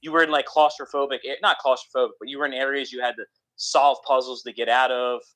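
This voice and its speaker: A man's voice: mid-range voice, little pitch movement, fast talker, fairly bright tone, no room sound, poor audio. A young man chatting casually about video games, rambling with lots of restarts.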